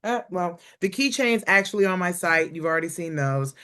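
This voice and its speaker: A woman's voice: fairly low pitch, expressive, moderate pace, fairly bright tone, clean tone. A woman hosting a comedy review show in a loose, chatty way. She rambles playfully and jokes with her guest. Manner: chatty, playful, self-promoting. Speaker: host. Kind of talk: casual chat.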